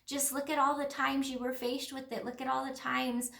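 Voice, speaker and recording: Bright-voiced woman musing earnestly. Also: sits high, level tone, normal speed, gravelly. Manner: rambling, earnest, many fillers. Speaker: spiritual healer. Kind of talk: casual reflective monologue. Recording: roomy echo.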